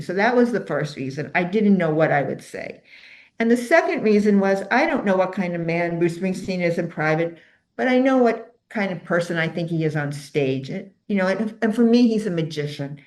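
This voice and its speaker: An older woman, an author and interview guest, telling stories in an animated, rambling way with frequent restarts. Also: lowish voice, moderate pace. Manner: animated, rambling with self-corrections. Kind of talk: storytelling interview answers.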